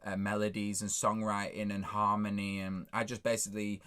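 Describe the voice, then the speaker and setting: A man in his thirties, a songwriter, talking casually and reflectively in a halting, rambling way full of fillers. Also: on the low side, little pitch movement, a bit bright, clean tone. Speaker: songwriter and co-lead singer.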